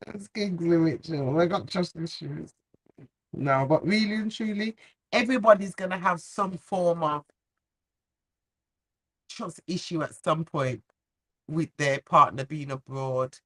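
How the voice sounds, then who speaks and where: A woman's voice: low voice, measured pace, pauses often, a bit bright. A woman co-hosting a casual live stream chat, speaking frankly and earnestly and laughing easily. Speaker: co-host.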